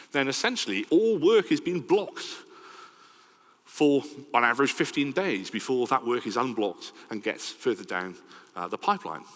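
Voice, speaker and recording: A middle-aged man with a Welsh accent giving a lively, conversational conference talk and often checking in with "right?". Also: medium pitch. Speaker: conference speaker. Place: large conference hall. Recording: long hall reverb.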